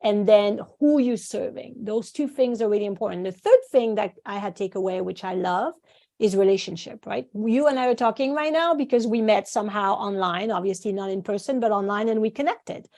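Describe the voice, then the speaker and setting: A woman's voice: mid-range voice, fairly quick, darkish tone. A French-born woman whose first language is French, a guest on a podcast interview, telling stories with animation and acting out quoted voices. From France. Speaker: guest, acupuncturist and course founder.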